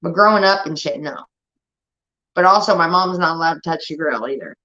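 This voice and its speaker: A young woman telling rambling, profane stories in casual chat, getting animated as she retells them. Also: low voice, fairly quick. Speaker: show host. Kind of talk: casual storytelling rant. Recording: dull lo-fi stream audio.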